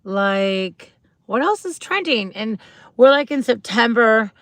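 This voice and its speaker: Hosting a casual livestream, a woman chats bubbly and rambling with viewers, greeting them and asking questions, full of fillers and restarts. Her voice is a little high and animated, her pace slow. The recording is dry, with clean studio sound.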